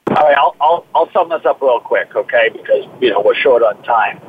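A man's voice: medium pitch, expressive, moderate pace, slightly rough, dry recording. A man with a Boston accent, talking in a rambling, enthusiastic way on a radio show. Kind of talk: casual radio talk. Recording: phone-line sound.

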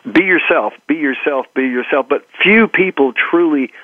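A man's voice: a little high, moderate pace, no echo. An earnest man with a Texas drawl, talking like a motivational preacher who loves repetition. His voice comes through a narrow, phone-like line with a dry sound. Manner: earnest, preachy, repeats phrases for emphasis. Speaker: guest. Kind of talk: motivational interview talk.

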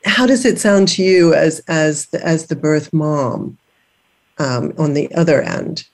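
A woman's voice: low voice, measured pace, creaky, a little mellow. A woman hosting an interview, asking reflective questions in a searching way, circling and repeating as she goes. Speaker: podcast host.

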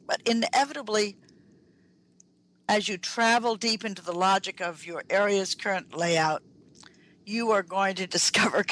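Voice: mid-range voice, fairly bright tone, low-quality recording. Emphatic trainer lecturing on the radio. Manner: emphatic, repeats key phrases and speaks directly to listeners. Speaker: workplace improvement trainer on a radio talk show. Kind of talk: lecture-style radio talk.

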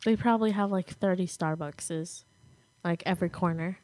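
A woman's voice: fairly low pitch, moderate pace, a little mellow, no echo. Giggly, gushing teenage girl. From United States, Arizona and Colorado. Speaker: podcast co-host. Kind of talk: casual chat.

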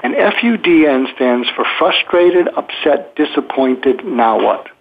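Over phone-line-quality audio, a male podcast host who is a psychiatrist thoughtfully walks through communication techniques, acting out sample phrases and frequently starting over. His pitch is fairly high with lively intonation, vocal fry, and a measured pace, all in a conversational advice format.

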